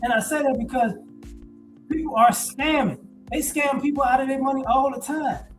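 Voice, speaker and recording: A man in his forties giving a blunt, profane, animated casual monologue. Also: extremely high pitch, moderate pace, over music, poor audio. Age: 40s. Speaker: commentator.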